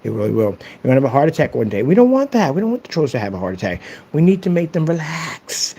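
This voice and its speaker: A man's voice: fairly high pitch, very animated, fast talker, dark tone, breathy edge. A young man in a casual, boastful monologue, taunting his critics. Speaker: vlogger. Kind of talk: casual trash-talk monologue.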